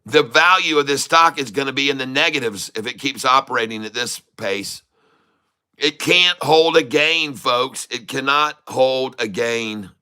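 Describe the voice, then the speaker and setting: Forceful, bright-voiced man commenting on stocks. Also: medium pitch, measured pace, clear, resonant tone. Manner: emphatic and repetitive, laughs often, addresses viewers as folks. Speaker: day-trading streamer. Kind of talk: casual livestream stock commentary.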